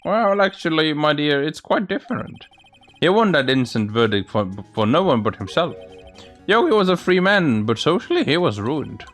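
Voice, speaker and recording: A man's voice: a little high, sing-song, normal speed, a bit bright. A man voicing an old man who talks in an old-fashioned way, calling people my dear and me boy, over faint game music. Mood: earnest.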